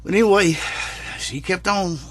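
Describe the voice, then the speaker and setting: A man's voice: high-pitched, moderate pace, a bit bright. A man delivers a rambling, profane, folksy rant as a comic vlogger. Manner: rambling, profane, drawling storyteller.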